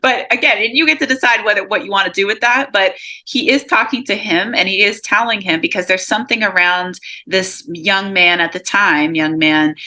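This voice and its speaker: A woman medium giving a live reading over a video call, relaying messages with a steady run of "he says" and many fillers. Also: medium pitch. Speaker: psychic medium.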